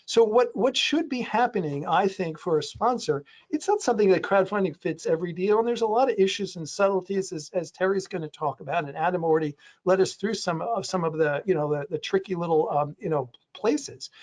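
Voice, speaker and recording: Rambling man with a high voice. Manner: rambling, many restarts and fillers; does playful voices for quotes. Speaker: panelist on a real estate crowdfunding webinar. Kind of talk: conversational panel talk.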